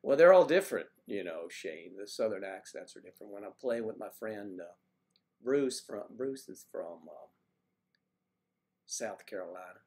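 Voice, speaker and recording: A man's voice: on the low side, animated, normal speed, darkish tone. An older man from the US East Coast hosting a casual livestream, chatting loosely and greeting viewers by name as he reads their comments. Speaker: livestream host.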